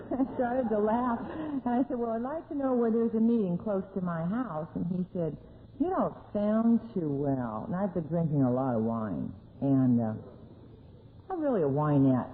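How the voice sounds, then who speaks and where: A woman's voice: on the low side, animated, normal speed. Middle-aged woman, recovery meeting talk, candid and self-mocking, tinny lo-fi tape, faint hiss. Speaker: AA speaker sharing her story. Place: meeting hall. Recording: tinny lo-fi 1982 tape recording.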